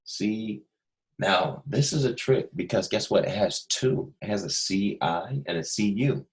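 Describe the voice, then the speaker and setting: A man teaching a recorded first grade phonics lesson, slow and patient, repeating steps and asking young pupils questions. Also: fairly low pitch, expressive, rough recording.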